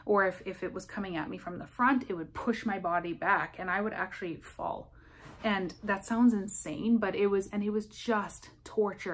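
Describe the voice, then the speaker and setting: A woman giving candid personal testimony to camera, speaking in a halting, emotional way with frequent restarts. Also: on the low side. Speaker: vlogger sharing a personal experience.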